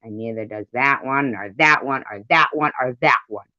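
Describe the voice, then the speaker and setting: A man with a sharp-toned, mid-range voice vents angrily at a moderate pace, swearing and repeating his indignant points as a commentary vlogger. The lo-fi audio sounds dull and carries no room sound.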